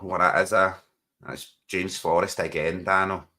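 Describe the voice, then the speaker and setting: A man co-hosting a laid-back match-night podcast, quick with a joke and a laugh. His voice sits fairly low but comes across bright and forceful. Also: level tone. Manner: jokey, laughs often. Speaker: podcast co-host. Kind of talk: casual chat while watching a match.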